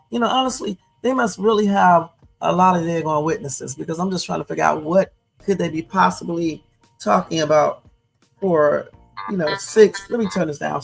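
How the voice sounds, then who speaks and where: A woman's voice: fairly low pitch, gravelly, slightly rough. A woman hosting a late-night livestream, talking casually and chatting straight to her viewers as "y'all". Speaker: livestream host. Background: faint music.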